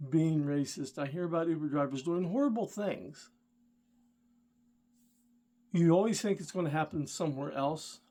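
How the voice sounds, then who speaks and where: A middle-aged man with a somewhat high voice tells a story from his driving days in a casual vlog. He talks straight to the viewer and gets worked up and indignant as he goes. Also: darkish tone. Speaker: rideshare driver and channel host.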